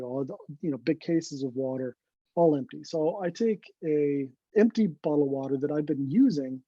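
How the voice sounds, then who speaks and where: A man, a guest photographer, telling an animated story in an interview and acting out what his friends said. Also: a little high, no echo. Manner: animated anecdote teller, acts out quoted friends. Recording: dull lo-fi recording.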